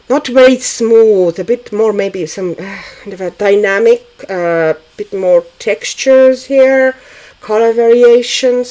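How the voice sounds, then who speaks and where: A woman's voice: a little high, dark tone, rough recording. A woman hosting a casual livestream, chatting to viewers and thinking aloud with hesitant fillers while she paints. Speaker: livestream host.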